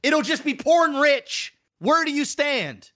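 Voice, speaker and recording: A man's voice: very high voice, lively intonation, unhurried, a bit bright. A man co-hosting a podcast, ranting heatedly with lots of profanity in casual chat. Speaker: podcast co-host.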